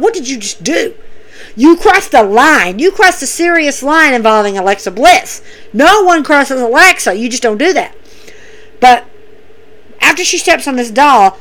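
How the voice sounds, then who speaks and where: A woman recapping wrestling shows in a casual, excitable way, acting out what people said. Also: on the high side, rough recording. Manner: excitable storyteller acting out quotes.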